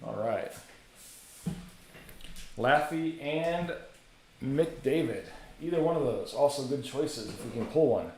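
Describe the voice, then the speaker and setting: A man's voice: mid-range voice, expressive, slow, long pauses, a little mellow, slight background noise. Male card-break host, casual rattling delivery, echoey room. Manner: casual, chatty, rattles off names. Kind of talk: live card-break commentary.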